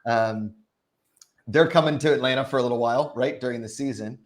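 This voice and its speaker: A man's voice: mid-range voice, fairly quick. A man in his thirties hosting a casual live stream, upbeat and reading out chat questions. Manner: upbeat, hypes viewers, reads chat questions. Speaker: host.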